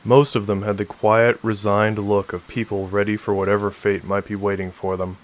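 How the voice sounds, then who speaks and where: A man narrating a science-fiction novel in a steady, measured reading. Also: fairly low pitch. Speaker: audiobook narrator. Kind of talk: scripted narration.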